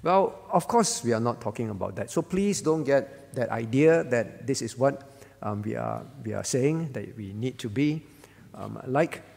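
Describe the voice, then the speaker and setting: A man's voice: medium pitch, lively intonation, unhurried, vocal fry, a little mellow, slightly rough, in a large hall. A male pastor giving a conversational sermon at a prayer meeting, often checking in with the congregation by asking "all right?". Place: church hall.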